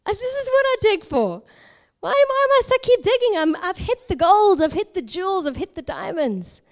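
An earnest, humble digger man pleads with God in a spoken parable, as a woman preacher puts him on. The voice sits high and carries a steady, heartfelt urgency. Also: brisk. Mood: bewildered.

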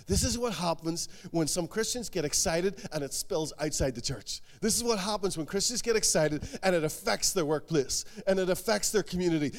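High-voiced preacher, animated. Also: male voice. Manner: animated, acts out the quotes he tells. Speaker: pastor. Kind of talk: sermon.

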